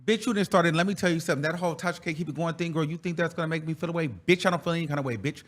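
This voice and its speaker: A commentary host with a fairly high voice fires off words at a rapid pace on his reaction show. His heated rant is profane, confrontational and emphatic.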